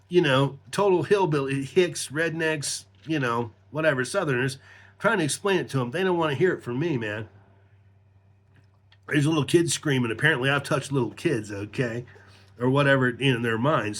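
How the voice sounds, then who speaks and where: A man's voice: fairly high pitch, a bit bright. A middle-aged man telling a rambling, profane personal story in casual talk, laughing as he goes.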